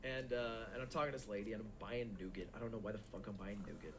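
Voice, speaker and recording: A young man telling a long, animated story in casual, profane chat as a stream co-host. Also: on the low side, quick pace, a little hiss or hum. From United States.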